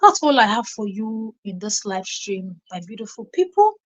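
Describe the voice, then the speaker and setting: A woman's voice: mid-range voice, sing-song, normal speed, low-quality recording. A young Nigerian woman hosting her own channel, talking casually on a live stream and breaking into pidgin exclamations and laughter as she tells stories. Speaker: YouTube reaction channel host.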